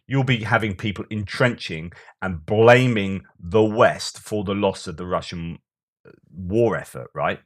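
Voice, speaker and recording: A man's voice: on the low side, moderate pace. A man giving solo news commentary, talking through events with sarcastic asides and frequent restarts.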